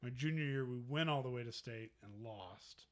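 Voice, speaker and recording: A man co-hosting a casual podcast, telling a relaxed story with fillers and some swearing. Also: mid-range voice, moderate pace. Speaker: podcast co-host. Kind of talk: casual chat.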